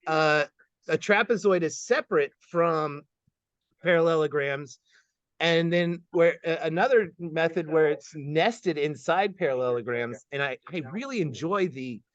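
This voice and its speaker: Excitable guy hosting a quick q&a, lots of laughing and repeating himself, kinda dry muffled sound. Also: fairly high pitch, dry recording. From Kansas City, United States. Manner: upbeat, laughs often, stammers and repeats words. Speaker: host and geometry teacher. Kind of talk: lightning-round interview questions. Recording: dull, slightly muffled sound.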